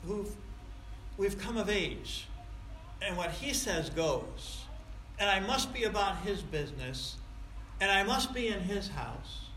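Man preaching, sharp voice, big swings loud to quiet, roomy echo. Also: high voice, animated, slow, long pauses, slight background noise. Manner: emphatic, swings between loud stress and quiet asides. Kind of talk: sermon. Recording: echoey room.

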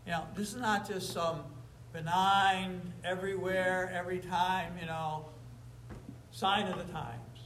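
A man preaching from the pulpit in a high voice, leaning hard on key words and stretching them out slowly. Between the heavy emphases he turns casual and chatty with the congregation. The sound carries the echo of a large church room, with faint ambience behind. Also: steady tone, a bit bright, a little hiss or hum. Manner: emphatic preaching, drawn-out stressed phrases, casual asides to the congregation. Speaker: pastor. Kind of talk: sermon. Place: church sanctuary before a congregation. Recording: roomy echoey church sound.

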